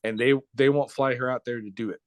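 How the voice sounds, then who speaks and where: A man's voice: mid-range voice, quick pace, no echo. Blunt middle-aged man telling a story. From Blackfoot Nation, North America. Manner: relaxed, conversational, with short restarts. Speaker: interview guest. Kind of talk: casual storytelling interview.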